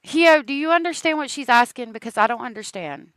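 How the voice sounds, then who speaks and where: A woman's voice: high voice, expressive, a little fast, a bit bright, clear, resonant tone, no room sound. A woman hosting a casual true crime livestream, chatting with viewers and laughing often.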